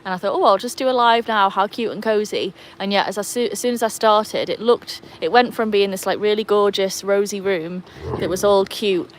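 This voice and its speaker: A woman's voice: mid-range voice, normal speed, few pauses, a little hiss or hum. Chatty woman on a live stream. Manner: chatty and rambling, with many fillers. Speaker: live-stream host of a dog channel. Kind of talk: casual live-stream chat. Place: outdoors beside a pool.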